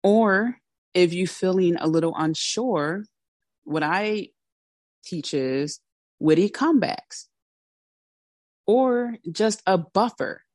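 Low-voiced woman giving direct advice. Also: animated, takes it slowly, pauses often, a little mellow, dry recording, studio quality. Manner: direct, candid and conversational. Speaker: podcast host and coach. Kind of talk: motivational solo talk.

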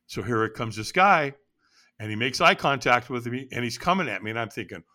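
A man tells a personal story as an interview guest, building it up dramatically. His voice is bright and swings widely in pitch. He draws the listener along through each turn of the story. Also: fairly quick. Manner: animated, dramatic retelling.

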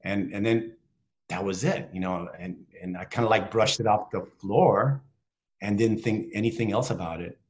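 A middle-aged man, a guest on a video call, telling a heartfelt personal story in a halting, earnest way with many restarts. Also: lowish voice, darkish tone.

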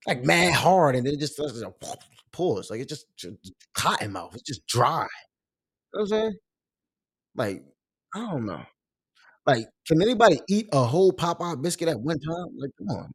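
A man hosting his own live stream in loose, casual chat, swearing freely and jumping up in pitch when he gets excited. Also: breathy edge, dry recording. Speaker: livestream show host.

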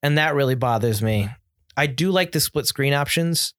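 A man's voice: mid-range voice, normal speed, fairly bright tone, no room sound, studio quality. An American man co-hosting a casual chat, giving opinionated, rambling takes with many restarts. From United States. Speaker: podcast co-host. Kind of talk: casual chat about video games.

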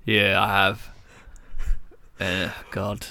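A man's voice: sits low, monotone, extremely slow, gravelly, sharp tone. A man, co-hosting a podcast in crude casual banter, swearing freely and laughing often. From England. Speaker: podcast co-host.

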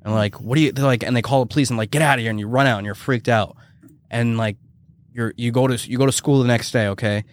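A man's voice: mid-range voice, fairly even intonation, quick pace. A man co-hosting a podcast in loose casual chat, rambling with lots of "like" and swearing. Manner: rambling, heavy use of "like" and swearing. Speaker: podcast co-host.

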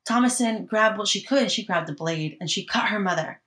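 Woman, bright voice, casual chat, animated storyteller, swears freely. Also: mid-range voice, fairly quick. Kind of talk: casual chat recapping a film.

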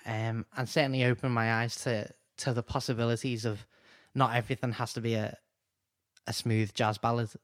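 A man's voice: medium pitch, flat delivery, fairly quick, no room sound, studio quality. A man co-hosting a podcast, chatting casually and hesitantly, with fillers and repeats. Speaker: podcast co-host. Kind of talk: casual chat.

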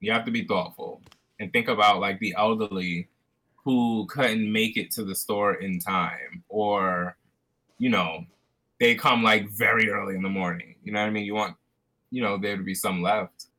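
A man co-hosting a podcast, telling a story in animated casual chat. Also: lowish voice, moderate pace, rough recording. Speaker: podcast co-host.

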